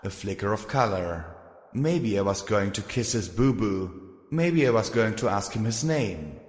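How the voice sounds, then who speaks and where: A man narrating a fan fiction audiobook in a steady, measured way. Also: fairly low pitch. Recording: echoey room with long reverb.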